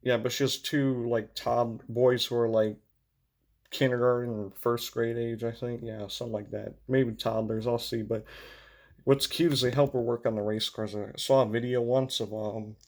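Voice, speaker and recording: A man's voice: mid-range voice, flat delivery, moderate pace, a little mellow. Rambling man with Midwestern-Southern accent. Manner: chatty, meandering, many fillers and restarts. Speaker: racing channel host. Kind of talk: rambling casual vlog commentary. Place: home room with windows.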